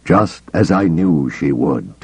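A man voicing a deluded, grandiose old male dark Jedi master in an audiobook, drawing out each solemn pronouncement slowly. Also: very deep voice, animated, slightly rough, heavily acted. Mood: eerie. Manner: slow, drawn-out, solemn pronouncements. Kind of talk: audiobook character voice.

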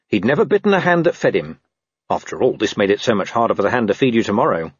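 A man narrating a comic fantasy novel in a wry, lively storytelling manner. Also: fairly low pitch, quick pace, husky, no echo, muffled recording. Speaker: audiobook narrator.

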